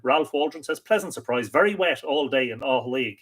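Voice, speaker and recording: An Irish man hosting a live mythology stream, chatting casually and greeting viewers by reading out their comments, often pausing and repeating words. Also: mid-range voice, expressive, fairly bright tone. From Ireland. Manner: chatty and friendly, with many hesitant repeats. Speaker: host of a live mythology show.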